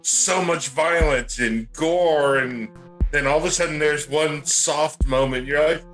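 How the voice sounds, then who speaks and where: A man speaking in a measured, explaining way during casual chat before a tabletop game. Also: a little high, a bit bright, faint music behind.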